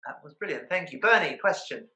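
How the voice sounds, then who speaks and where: A man's voice: fairly high pitch, expressive, fairly quick, sharp tone, roomy sound, rough recording. A man moderating a question session after a talk, polite and encouraging as he thanks the speaker and asks questions. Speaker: event host.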